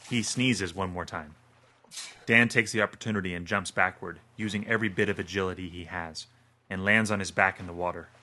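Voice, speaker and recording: A man reading a horror story aloud in a steady, measured way. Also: deep voice, a little hiss or hum. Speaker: narrator. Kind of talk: scripted horror narration.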